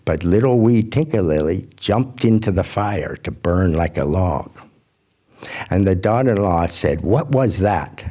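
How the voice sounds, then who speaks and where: A man telling a folk tale to a gathering, in a measured, gentle storytelling manner. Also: low-pitched.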